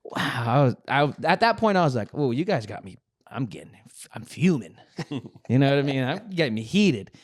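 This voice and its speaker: A man's voice: mid-range voice, moderate pace, dry recording, studio quality. A man hosting a podcast, telling a work story casually, swearing and acting out the other people's lines. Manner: animated, swearing, acts out dialogue. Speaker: podcast host.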